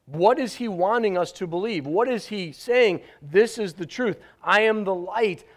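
A man pastor delivers a sermon with a high voice. He talks conversationally but hits key words hard and pauses for dramatic effect.

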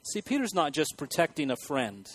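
A man preaching a sermon to a church congregation, moving between quiet, earnest asides and loud, excited outbursts. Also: a little high, moderate pace, no echo, rough recording. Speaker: pastor.

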